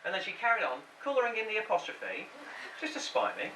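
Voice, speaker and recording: A man's voice: high voice, huge pitch swings, quick pace, heavy background noise. A man doing a stand-up comedy set, chatting with the crowd and putting on the voices of the people in his story. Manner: chatty, quips with the crowd, mimics people he quotes. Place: comedy club stage with a laughing audience. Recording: roomy live club sound from a distance.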